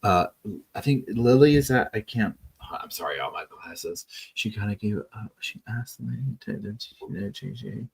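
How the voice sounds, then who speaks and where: A man's voice: on the low side, animated, normal speed, creaky, distant mic. A man hosting a live true-crime chat stream, rambling casually and reading viewer messages aloud. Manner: chatty, rambling, many restarts, reads chat messages aloud.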